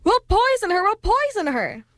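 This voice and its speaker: A woman voicing a pack of spiteful swamp witches in a storybook reading, jeering in a high, shrill, altered voice. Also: very animated, normal speed, dry recording, clean studio sound. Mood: shrieking.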